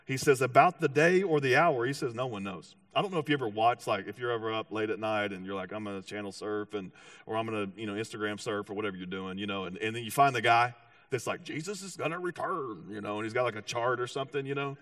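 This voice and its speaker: A man preaching a sermon with animated storytelling, acting out voices and often restarting his sentences. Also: lowish voice, fast talker, no echo, recorded from a distance. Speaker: pastor.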